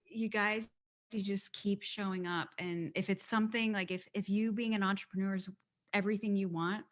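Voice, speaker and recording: A woman's voice: medium pitch, steady tone, normal speed. Woman guest, mid-range voice, punchy motivational delivery, casual. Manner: emphatic, motivational, swears casually. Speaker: podcast guest. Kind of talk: casual chat.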